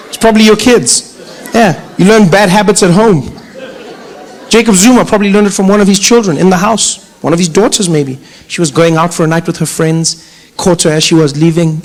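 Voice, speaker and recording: This is a young man doing stand-up. His voice sits high and bounces along with playful energy. He tells the story as an animated performer. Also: brisk, poor audio. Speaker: comedian. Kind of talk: stand-up comedy.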